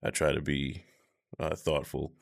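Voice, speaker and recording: Deep, gravelly man in his thirties. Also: flat delivery. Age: 30s. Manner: measured and reflective, with many fillers. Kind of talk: casual conversation.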